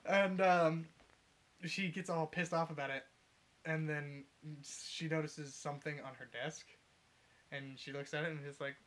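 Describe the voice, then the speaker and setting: A man's voice: fairly high pitch, flat delivery, normal speed, a little hiss or hum. Rambling, swearing young man retelling a story. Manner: rambling, swears a lot, acts out characters with shouts. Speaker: podcast co-host retelling a fanfic. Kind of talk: casual chat, uncensored storytelling.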